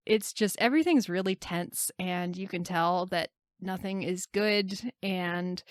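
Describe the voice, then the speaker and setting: A woman's voice: medium pitch, dry recording. Wry woman recapping a film, dry close mic. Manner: wry, laughs often, slows down to narrate scenes. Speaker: podcast co-host. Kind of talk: casual film podcast chat, recapping a film.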